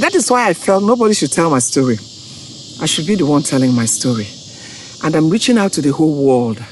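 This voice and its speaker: A woman's voice: fairly low pitch, a little hiss or hum. A woman, from Africa, hosting an online forum in an impassioned, tearful monologue, pleading and repeating her points. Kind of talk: impassioned direct-to-camera monologue.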